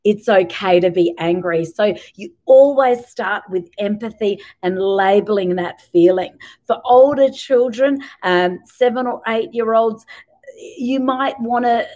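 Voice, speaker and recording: A middle-aged woman giving parenting advice to camera in a gentle, reassuring way, laying out tips in short lists. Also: a little high, a little slow, rough recording. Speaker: parenting educator.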